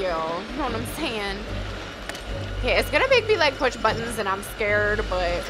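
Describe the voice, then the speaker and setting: A woman's voice: a little high, big pitch swings, normal speed. A young woman doing let's play commentary, crude and jokey, yelping when scared. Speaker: gaming YouTuber. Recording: game music behind.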